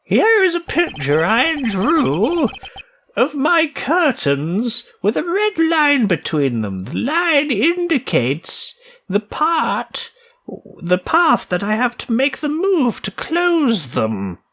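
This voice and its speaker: A man's voice: very high-pitched, wildly swooping pitch, slow, a bit bright, pitched above the performer's own voice, heavily acted. A man voicing a nervous male prosecutor who stammers and fumbles his words.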